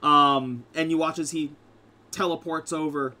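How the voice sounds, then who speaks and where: Bright-voiced man narrating as game master. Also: fairly high pitch, steady tone, unhurried. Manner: rambling, full of fillers like "like" and "um".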